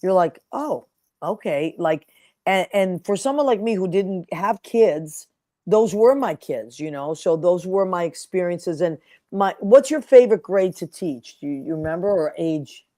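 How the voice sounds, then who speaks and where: A woman's voice: lowish voice, animated, moderate pace, dark tone, no room sound. Woman host telling stories, dry sound. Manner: emotional storyteller, acts out quotes. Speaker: podcast host. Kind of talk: casual interview chat.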